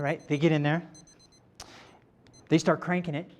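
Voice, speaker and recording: A man giving a live motivational talk to an audience, animated and interactive, slowing down to stress key points. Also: on the high side. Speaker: motivational speaker. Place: event room before a live audience.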